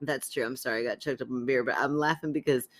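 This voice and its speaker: A woman's voice: extremely low pitch, steady tone, fast, no room sound. A woman co-hosting a podcast, chatting casually and cold-reading a listener's letter aloud, laughing easily and teasing.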